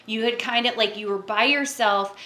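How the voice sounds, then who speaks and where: A woman's voice: a little high, moderate pace, bright, forceful tone. A woman hosting a podcast, prompting her guest and summing up his story in a casual way. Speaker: podcast host. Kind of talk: casual interview. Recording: roomy echo.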